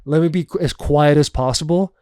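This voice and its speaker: A man with a slightly high, smooth voice recounts a story on a podcast, animated and swearing freely. He laughs often between lines. The sound is dry and close. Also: a little fast, dry recording. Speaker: podcast co-host. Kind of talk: casual storytelling chat.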